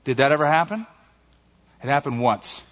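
A male pastor preaching a sermon with emphatic delivery, slowing down to stress key phrases. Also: mid-range voice, animated, a bit bright. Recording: muffled recording in a reverberant hall.

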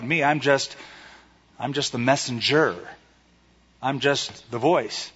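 Animated male preacher in an echoey hall. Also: medium pitch, slow, long pauses, husky. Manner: conversational, animated retelling with acted quotes. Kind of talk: sermon. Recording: echoey hall, slightly dull sound.

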